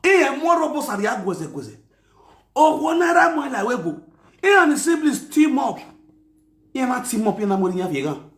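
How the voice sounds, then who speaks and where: A Nigerian man with an Edo accent hosting an online talk show, ranting with insults, mocking chants and shouts. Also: very high voice, big pitch swings, moderate pace, echoey room. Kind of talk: ranting commentary.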